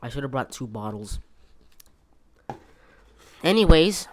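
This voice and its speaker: A man's voice: mid-range voice, very animated, takes it slowly. A man hosting a casual solo podcast from his bedroom, rambling with many fillers and restarts. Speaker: podcast host.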